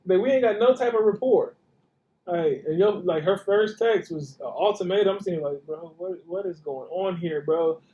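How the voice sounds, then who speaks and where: A man co-hosting a podcast in casual chat, relaxed and profane, often agreeing with his co-host. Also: high voice, normal speed. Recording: roomy, dull lo-fi recording.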